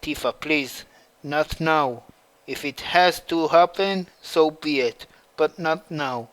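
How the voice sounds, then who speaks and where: A man's voice: on the high side, takes it slowly, fairly bright tone, low-quality recording. A man reading the part of a heartbroken young male soldier in a fan story. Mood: urgent.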